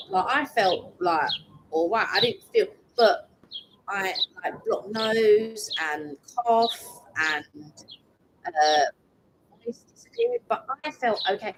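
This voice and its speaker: A woman's voice: fairly high pitch, noisy background. A woman co-hosting a live stream from her garden, rambling casually with lots of fillers. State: recovering lost voice. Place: outdoors in a garden. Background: birdsong.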